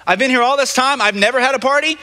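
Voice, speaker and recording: A man voicing a resentful, indignant young older son who pleads in a high, aggrieved voice. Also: quick pace, bright, forceful tone. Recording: long reverb of a church hall.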